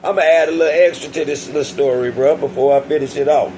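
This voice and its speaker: A man's voice: fairly high pitch, steady tone, quick pace, warm tone, a little hiss or hum, poor audio. A young adult man telling a casual storytime vlog, slangy and profane, often addressing his listeners directly. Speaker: vlogger telling a prison story.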